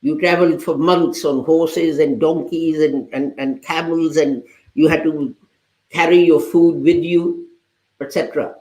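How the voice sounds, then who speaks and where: A man's voice: fairly high pitch, fairly even intonation, measured pace, a little mellow. A man giving a Friday sermon who retells a parable and quotes its people as he goes. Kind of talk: sermon with storytelling. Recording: roomy, echoey sound.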